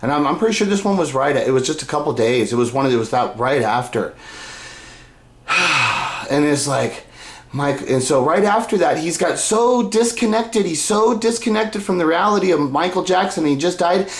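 A man's voice: on the high side, a little fast, reverberant. Rambling man reacting to clips. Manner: rambling, sighs and laughs, restarts. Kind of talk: casual reaction commentary.

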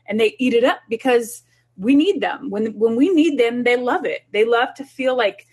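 Earnest and frequently repeating herself, a middle-aged child development specialist shares practical parenting tips in a casual talk. Her voice is a little high and slightly rough, with lively intonation at a moderate pace.

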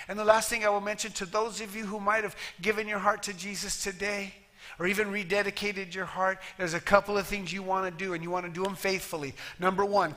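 A high, bright male voice preaching in a church sanctuary. He talks plainly and emphatically, sometimes putting on little voices to poke fun. The tone is forceful and lively. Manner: plain-spoken, emphatic, mimics voices for humor. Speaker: pastor. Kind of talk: sermon with altar call.

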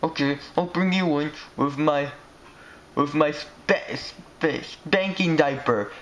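A man giving excitable, rambling commentary while he plays a game. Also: on the high side, takes it slowly, slight background noise.

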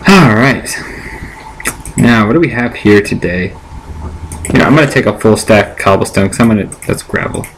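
A man's voice: fairly low pitch, animated, moderate pace, long pauses. Man rambling over a noisy laptop mic. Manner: chatty, rambling self-talk to viewers. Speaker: let's play gamer. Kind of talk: casual gameplay commentary. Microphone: built-in laptop microphone.

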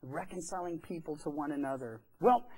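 A man's voice: a little high, brisk, gravelly, dark tone, poor audio. A pastor telling a story during a sermon in a church. He talks in a chatty way and acts out the quoted voices. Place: church sanctuary.

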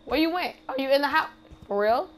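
A woman's voice: sits high, lively intonation, brisk, a little hiss or hum. A woman streamer commenting on her gameplay in a casual, profane, trash-talking way. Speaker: gamer streamer.

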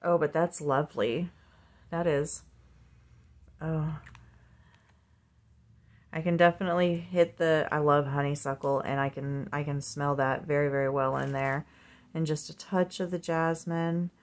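Slow, soft-spoken woman unboxing. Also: low voice, fairly even intonation. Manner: slow, soft-spoken, drifting into gentle whispers and coos. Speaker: vlogger unboxing a purchase. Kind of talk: casual unboxing chat.

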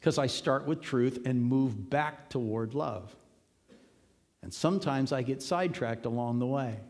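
A man's voice: medium pitch, a little slow, a little mellow. A male pastor giving an earnest, conversational sermon, driving points home with emphatic repetition. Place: church sanctuary. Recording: long hall reverb.

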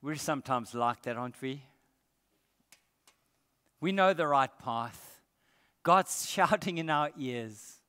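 A man's voice: mid-range voice, expressive, takes it slowly, long pauses, fairly bright tone, clear, resonant tone. A man preaching a sermon as pastor, earnest and emphatic. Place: church. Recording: echoey church hall.

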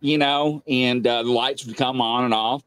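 A man's voice: medium pitch, moderate pace, clear, resonant tone, no room sound. A middle-aged man, casually telling a ghost story and acting out the voices. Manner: animated, acts out quotes loudly. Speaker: guest telling paranormal experiences.

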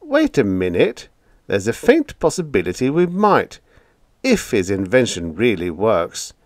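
A flustered young radio operator, squawking and exasperated, as a man puts him on. His voice rides high and animated above the narration. Close, dry recording. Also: measured pace, no echo. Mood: thoughtful.

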